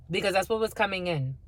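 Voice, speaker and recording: A woman's voice: medium pitch, no echo. A woman giving a spiritual tarot reading to her viewers, blunt and profane, laughing often and calling her listeners "my lovies.". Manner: laughs often between remarks. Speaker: tarot reader.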